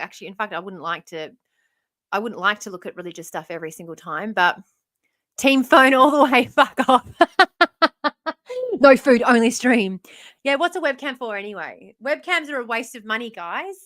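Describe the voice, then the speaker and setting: Aussie woman streaming off her phone, bright voice, kinda hoarse from talking for hours, swears a lot, dry sound. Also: a little high, dry recording. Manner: chatty, self-mocking, swears freely. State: losing her voice. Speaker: live streamer. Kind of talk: casual live stream chat.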